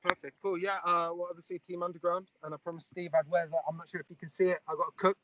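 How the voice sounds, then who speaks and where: A young man from the UK in his twenties, speaking as an interview guest in a relaxed way with lots of "like"s. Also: high-pitched, fast talker, muffled recording, background noise. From United Kingdom. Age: 20s. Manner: relaxed, rambling with many "like"s. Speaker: guest fighter. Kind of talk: casual interview chat.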